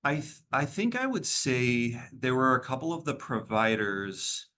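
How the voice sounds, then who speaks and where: A man's voice: mid-range voice, big pitch swings, measured pace, sharp tone. A man working as a behavioral health clinician, answering interview questions in a rambling, casual way, full of fillers and restarts.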